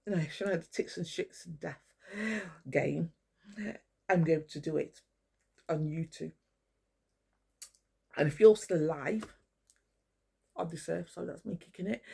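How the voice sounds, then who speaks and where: A low, creaky, mellow voice with a breathy edge belongs to an older woman vlogging to camera. Her monologue is an angry, rambling rant packed with profanity, aimed directly at people she names.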